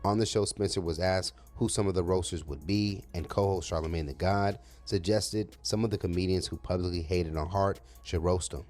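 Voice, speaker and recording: A man with a very deep voice reads a scripted entertainment news story. His delivery stays even and measured. Faint music runs underneath. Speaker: news narrator.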